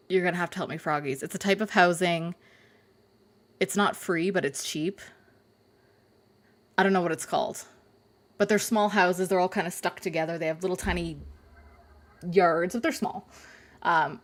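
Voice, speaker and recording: A young woman chatting on a live game stream, rambling, laughing and swearing casually. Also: lowish voice. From North America.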